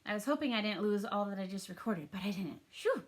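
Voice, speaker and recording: A woman's voice: medium pitch, expressive, fast. A woman teaching a first grade reading lesson for a home recording, upbeat and encouraging in a sing-song teacher manner.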